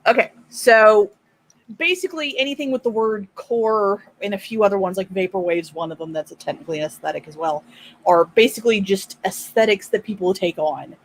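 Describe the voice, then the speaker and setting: A woman's voice: mid-range voice, a little fast, a little hiss or hum. Woman on a chat stream just explaining stuff, lots of likes and ums. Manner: explaining with frequent fillers. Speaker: panel guest. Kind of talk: casual chat.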